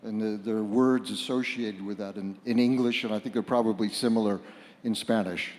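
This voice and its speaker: A man's voice: on the low side, steady tone. Man speaking in a reverberant hall. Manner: halting, repeats words, rises to loud bursts. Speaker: speaker at a book fair panel. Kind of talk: reflective public talk. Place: large hall before a live audience.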